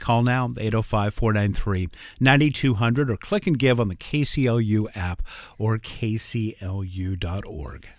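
A man's voice: mid-range voice, dry recording, studio quality. A man co-hosting a public radio fundraising appeal, a bit hesitant with fillers. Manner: slightly hesitant, reads appeal details. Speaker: radio co-host. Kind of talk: pledge drive on-air appeal.

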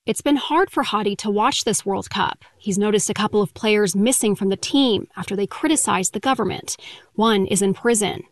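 A woman delivering a scripted radio news report in a measured, clear way. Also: mid-range voice, no echo, studio quality.

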